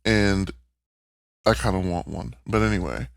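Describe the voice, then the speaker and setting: A man with a low, creaky voice speaks a little slowly on a dry recording. He's a podcast co-host recapping a cartoon in casual chat, candid and emotional, swearing freely.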